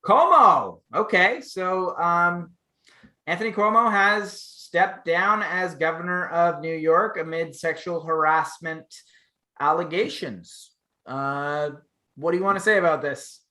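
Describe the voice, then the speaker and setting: Bright-voiced man in an echoey room. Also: high voice. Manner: halting, restarts often, gets loud and animated when ranting. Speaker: podcast co-host. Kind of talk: casual chat.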